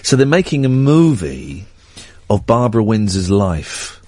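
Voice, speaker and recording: A man hosting a late-night talk radio show, chatting in a wry, meandering way with a slightly husky voice. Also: fairly low pitch, big pitch swings, unhurried, darkish tone, no echo. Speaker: radio host.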